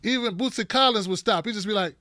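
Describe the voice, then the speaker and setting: A man hosting a live online show, greeting viewers by name in a casual, playful way, with a dry throat that he keeps clearing. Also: sits high, fast talker, dry recording. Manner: lively and animated, playful asides to viewers.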